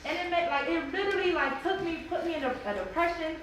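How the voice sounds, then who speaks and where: A mother sharing a personal story at a church bible study, animated and emotional, acting out what people said. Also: very high-pitched, fast talker. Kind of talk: personal testimony in a group discussion. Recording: echoey room from far off, noisy.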